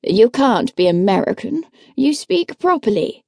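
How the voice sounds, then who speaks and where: A woman's voice: fairly high pitch, big pitch swings, a little slow, gravelly, a little mellow, dry recording, exaggerated voice. A woman narrator voicing a dry, teasing young male curate in an audiobook. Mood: wry. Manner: dry, teasing, matter-of-fact. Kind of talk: audiobook character voice.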